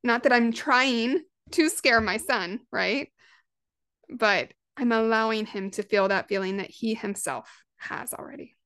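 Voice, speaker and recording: Bright-voiced woman hosting a parenting podcast. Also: on the high side, a little slow, no room sound, clean studio sound. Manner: earnest, conversational, acts out quotes. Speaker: podcast host. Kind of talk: casual parenting talk.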